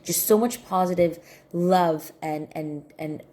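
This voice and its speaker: A woman's voice: fairly low pitch, slow, warm tone. A woman sharing a personal reflection in casual talk, earnest and repeating her key points for emphasis. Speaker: spiritual healing coach.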